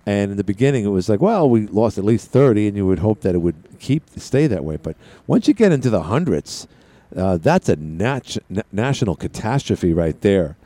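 A man's voice: fairly low pitch, big pitch swings, moderate pace, dark tone, no room sound. A man hosting a call-in talk radio show, rambling casually with frequent restarts. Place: radio studio.

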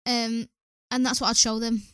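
A woman's voice: a little high, flat delivery, normal speed, smooth, no room sound, clean studio sound. A young woman from England co-hosting a podcast, chatting casually, giggling often and swearing as she rambles. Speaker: podcast co-host. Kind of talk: casual chat.

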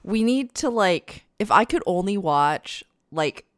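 A woman's voice: medium pitch, animated, slow, no echo, studio quality. A young woman co-hosting a casual commentary chat, blunt and opinionated, often laughing. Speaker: co-host.

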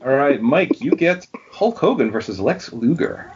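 A man's voice: medium pitch, normal speed, breathy edge. A man hosting a casual wrestling trivia quiz on a podcast, reading out the names and the answers. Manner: lively, reads out questions and answers. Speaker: quiz host. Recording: dull lo-fi sound.

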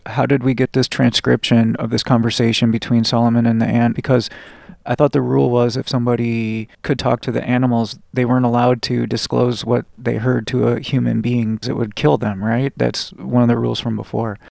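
A man's voice: mid-range voice, flat delivery, brisk, gravelly, a little mellow, no echo, clean studio sound. A man hosting a casual podcast, rambling with many fillers and reading passages aloud. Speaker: podcast host.

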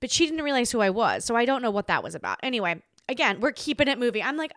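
A young woman hosting a podcast, telling a story in a chatty, animated way, full of "like"s and restarts, and jumping into playful voices for quotes. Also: quick pace, hardly any pauses, dry recording, studio quality. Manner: chatty and animated, acts out quoted voices with big pitch jumps; filler-heavy, many "like"s and restarts. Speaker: podcast host. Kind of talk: casual storytelling monologue.

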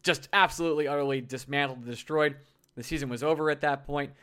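An animated man co-hosting a sports talk show, with a somewhat high-pitched voice. He jokes easily, pokes fun at himself and gets lively when he's excited about a player. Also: fast talker, smooth. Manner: animated, joking, self-deprecating. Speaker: podcast co-host.

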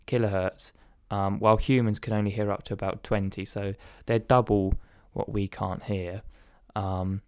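A man's voice: on the low side, little pitch movement, moderate pace, hardly any pauses, a little mellow, clean tone, no echo, studio quality. A man hosting a casual podcast chat, rambling with lots of ums and restarts. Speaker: podcast host.

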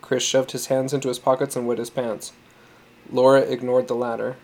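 Mellow-voiced man reading a story. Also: medium pitch, level tone, moderate pace. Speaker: audiobook narrator.

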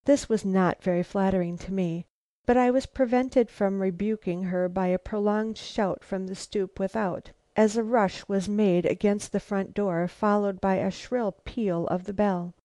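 A woman reads a novel aloud in a measured, composed way. Her voice is mellow and dark, and the recording is dry and close. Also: mid-range voice, fairly even intonation, no echo. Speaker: audiobook narrator. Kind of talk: scripted narration of a novel.

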